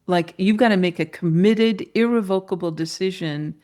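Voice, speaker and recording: A middle-aged woman telling a personal story as a podcast guest, lively, and acting out the voices of other people. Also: on the low side, normal speed. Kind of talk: storytelling in an interview.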